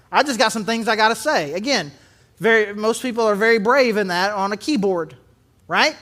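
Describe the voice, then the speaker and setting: A man with a high speaking voice delivers a relaxed, conversational sermon. He talks like he is chatting with the room, slips easily into acted-out quotes, and slows down to stress his main points. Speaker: pastor.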